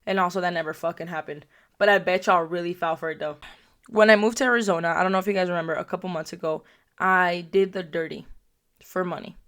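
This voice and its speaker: Young female vlogger, profane comic storyteller, brash delivery with loud spikes. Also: on the low side, fairly even intonation, quick pace. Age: young adult. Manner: brash, profane, loud bursts and put-on mocking quotes. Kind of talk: crude comedic storytelling.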